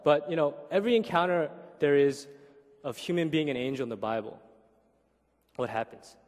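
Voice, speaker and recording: A man in his thirties preaches in a casual, animated way, with a slightly raised voice. He keeps checking in with the listeners, and his words ring through a long, reverberant hall. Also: on the high side, moderate pace. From Korean heritage. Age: 30s. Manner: animated, keeps asking "right?", acts out voices. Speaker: pastor. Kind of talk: conversational sermon.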